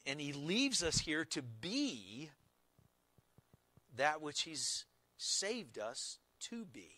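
Pastor guy preaching real slow, bright kinda sharp voice, dry close sound. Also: fairly high pitch, very animated, dry recording. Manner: slow, deliberate preaching with emphatic repetition. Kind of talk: sermon.

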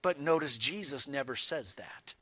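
A man preaching a teaching sermon, slow and deliberate, stressing quoted lines. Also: mid-range voice, expressive, pushed and bright, dry recording. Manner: slow, deliberate, emphatic on quotations.

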